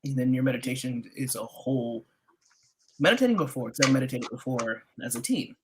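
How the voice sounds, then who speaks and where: A man's voice: medium pitch, a little fast, background noise. A man guesting on a stream, chatting casually, telling stories animatedly and swearing freely. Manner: animated storyteller, swears, acts out quotes. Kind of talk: casual chat.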